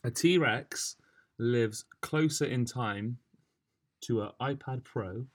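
A man co-hosting a podcast, animated and questioning, often laughing. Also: mid-range voice, slow. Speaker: podcast co-host. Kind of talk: casual podcast chat.

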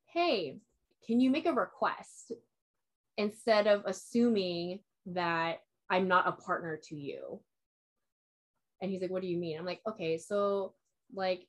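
A young woman in casual chat, telling a long personal story in a rambling way, filling it with "like" and quoting herself and others. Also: mid-range voice.

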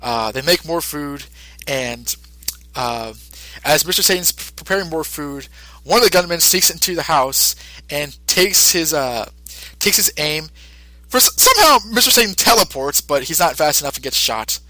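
Man, podcast host, casual recap, rambling, slightly high voice, dry sound. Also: animated, moderate pace, pushed and bright, dry recording, low-quality recording. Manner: rambling, lots of fillers, laughs easily.

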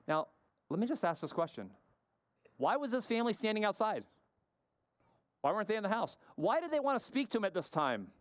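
A man with a high, crisp voice delivers a sermon in a dry, close-miked sound. He speaks emphatically, asks pointed questions, and sinks low and slow for weight. He sounds middle-aged. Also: expressive, no echo. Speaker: pastor.

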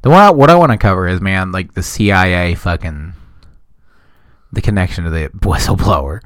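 A young man with a low voice that swings up and down animatedly as he jokes around on a comedy podcast. He swears freely and keeps the chat loose. The sound is close and dry. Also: lively intonation, moderate pace, fairly bright tone, dry recording. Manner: loose, jokey, swears a lot, slips into goofy impressions. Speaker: podcast host.

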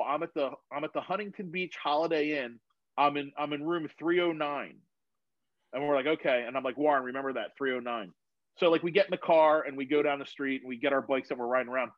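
A man telling a rambling story on a video call, swearing freely and getting animated as he retells it. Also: on the high side, no room sound, muffled recording. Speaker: guest. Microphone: phone on video call.

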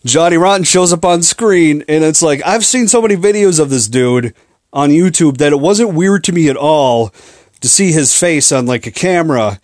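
Young podcast dude from minneapolis, kinda high voice, dry close sound, swears and rambles. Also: male voice, expressive, normal speed, a little mellow, no room sound. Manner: rambling, profane, self-mocking, lots of restarts. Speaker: podcast host. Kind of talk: casual storytelling monologue.

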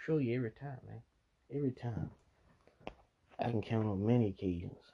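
A man's voice: mid-range voice, a little fast, vocal fry, lo-fi sound, slight background noise. A man hosting a podcast, telling casual stories full of profanity, frequent laughter and acted-out quotes. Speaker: podcast host. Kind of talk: casual storytelling.

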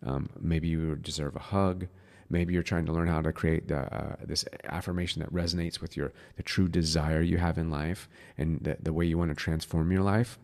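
A man hosting a spiritual podcast, teaching in a casual, earnest way and dropping to a soft, slow voice to demonstrate. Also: extremely low pitch, fairly even intonation.

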